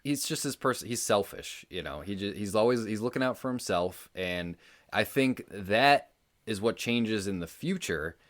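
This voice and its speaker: A man co-hosting a podcast, talking through a film in a relaxed, rambling way with plenty of fillers. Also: fairly low pitch, normal speed. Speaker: podcast co-host. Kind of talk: casual movie discussion.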